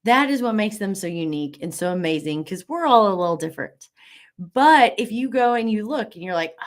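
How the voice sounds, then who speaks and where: A woman's voice: mid-range voice, lively intonation, a little fast. A woman hosting a live online class, bubbly and encouraging, reading out viewer comments with lots of fillers.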